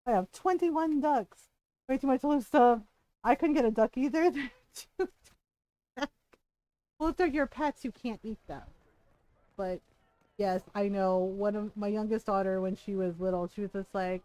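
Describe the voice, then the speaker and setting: A woman's voice: mid-range voice, expressive, measured pace, long pauses, darkish tone, no room sound. A woman streaming a game, chatting casually and laughing her way through rambling stories.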